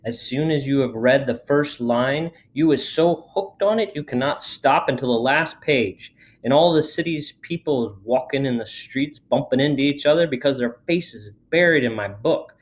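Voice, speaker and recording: A man reading a children's book aloud in a lively storytelling manner. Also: mid-range voice, normal speed, hardly any pauses. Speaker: reader.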